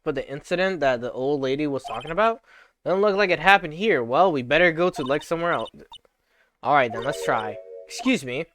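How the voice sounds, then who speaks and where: A man's voice: fairly high pitch, lively intonation, fairly quick, fairly bright tone, faint music behind. A man casually reading visual novel dialogue aloud on a live stream, chatting and laughing between lines.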